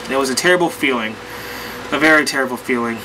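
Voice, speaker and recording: A man vlogger telling a rambling, animated story in casual chat with lots of fillers. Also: medium pitch, quick pace, noisy background.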